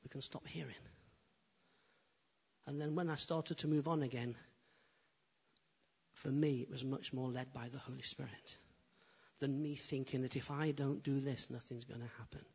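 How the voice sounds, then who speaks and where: Husky-voiced pastor preaching. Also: male voice, medium pitch, moderate pace, pauses often. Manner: animated preaching, rising loud then dropping quiet. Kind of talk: sermon.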